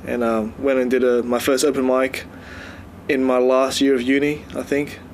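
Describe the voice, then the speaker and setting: A young man talks casually in an interview, pausing and hesitating often. Faint background noise is heard. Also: medium pitch, level tone, a little mellow.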